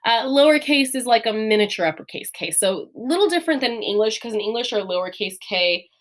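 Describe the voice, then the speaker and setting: A woman's voice: a little high, lively intonation, fast talker. A woman teacher giving a classroom lesson, explaining patiently step by step with many fillers and light laughs. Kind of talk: classroom lesson on writing letters.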